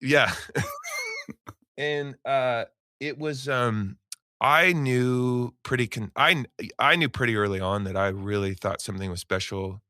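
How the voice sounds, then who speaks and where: A man guest on a podcast, casually telling animated stories and acting out the people in them. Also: mid-range voice, a little slow, no room sound, clean studio sound. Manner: animated storyteller who acts out quoted people. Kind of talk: casual storytelling.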